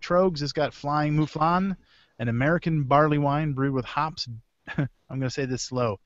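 A man whose voice sits on the high side hosts a laid-back beer podcast over a video call, at a moderate pace. He rambles through release news with self-corrections and chuckles between items, on audio with no echo and the highs cut off.

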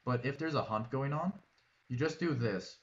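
A man with an ordinary, middle-pitched voice who steers his teammates through a game, laying down the rules in a blunt, bossy way. He swears freely and sounds short on patience with their antics. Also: moderate pace, muffled recording. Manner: bossy, profane, explains rules to the team. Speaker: streamer. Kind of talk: casual gaming voice chat.

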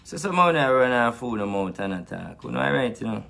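A man's voice: mid-range voice, big pitch swings, a little fast, creaky, sharp tone. A man with a Jamaican accent, a spiritual advisor delivering an angry, repetitive monologue full of grievance and swearing.

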